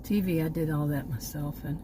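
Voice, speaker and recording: A woman's voice: sits low, steady tone, a little fast, noisy background. An older woman rambling in a casual home vlog, cynical and often out of breath, with many restarts. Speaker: vlogger.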